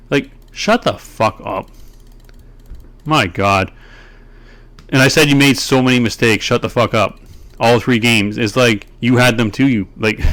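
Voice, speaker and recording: A man's voice: mid-range voice, a bit bright. A man commenting on a card game replay, ranting in an exasperated, profane way as a video creator.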